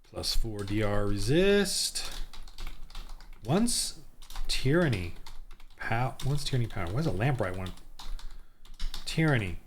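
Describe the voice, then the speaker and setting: A man with a fairly low voice talks to himself while he rolls dice and builds characters for a tabletop game. He mutters, stops halfway through words and starts again, and thinks everything through out loud. Typing on a keyboard is heard now and then. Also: sing-song, a little hiss or hum. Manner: muttering to himself, halting, many restarts. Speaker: solo tabletop game designer. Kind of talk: thinking aloud while rolling up town characters.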